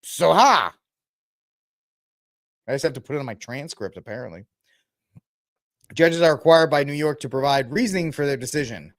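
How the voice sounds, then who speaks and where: A man's voice: mid-range voice, animated, fairly quick, no echo, clean studio sound. Sarcastic man hosting a podcast. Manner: rambling and sarcastic, jokes and mocks as he reads. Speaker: podcast host. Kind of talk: casual political commentary.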